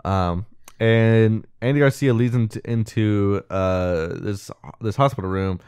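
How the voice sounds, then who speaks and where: Guy on a podcast walking through a movie plot, clean crisp voice, dry close mic, gets animated doing the characters. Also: lowish voice, measured pace, no echo. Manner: animated retelling, acts out quoted lines, swears casually. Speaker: podcast co-host. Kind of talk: casual chat, recapping a film plot.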